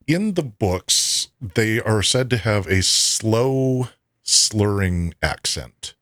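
A man co-hosting a podcast, casually recapping scenes and quoting dialogue in a quick, chatty way. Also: fairly low pitch, lively intonation, a bit bright, no echo, clean studio sound. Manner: recaps scenes and quotes dialogue at a fast clip. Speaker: podcast co-host. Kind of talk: casual chat recapping a TV episode.

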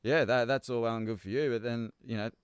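A man's voice: medium pitch, fairly even intonation, fast, clean tone, no room sound. An Australian man co-hosting a podcast, laid-back and sweary in casual banter. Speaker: podcast co-host.

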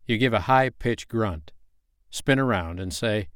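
A man narrates a second-person story in a low, even voice. His telling is matter-of-fact and unhurried. The sound is close and dry, with no room echo.

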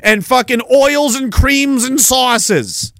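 A man's voice: very high-pitched, slow, fairly bright tone, no echo, studio quality. A man hosting a podcast, ranting sarcastically with heavy swearing and frequent laughter while reading out viewer messages. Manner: profane, sarcastic, laughs often. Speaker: podcast host.

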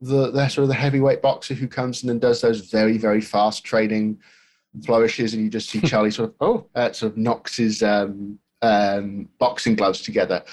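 A man's voice: lowish voice, little pitch movement, moderate pace, a little mellow. A man co-hosting a podcast, talking casually about a film with many restarts and fillers. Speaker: podcast co-host.

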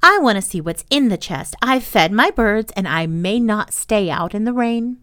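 A woman voicing a bossy, excitable little girl who shrieks when scared. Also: medium pitch, normal speed, lightly acted. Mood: eager.

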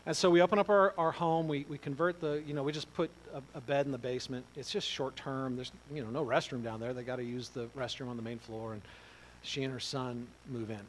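Pastor guy telling a story in his sermon, chatty, goes quiet then gets loud. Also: medium pitch, brisk, slight background noise, low-quality recording. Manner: conversational, animated, swings from quiet asides to loud exclaims.

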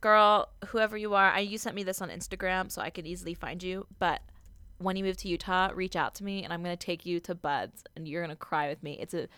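A woman's voice: fairly low pitch, brisk, pushed and bright, clean tone, dry recording. A young woman co-hosting a casual podcast, reading out a listener's story in a chatty, playful way and swearing freely. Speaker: podcast co-host. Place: Utah.

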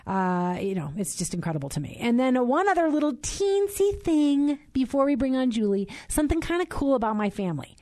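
A woman's voice: high-pitched, very animated, fairly quick, few pauses, darkish tone, dry recording, studio quality. A woman in her forties hosting a Christian radio talk show, chatty and bubbly, laughing often. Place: radio studio.

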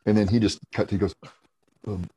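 A former wrestler telling rambling stories in a casual interview, laughing often and swearing freely. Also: male voice, low voice, moderate pace, gravelly, a little mellow, breathy edge, poor audio.

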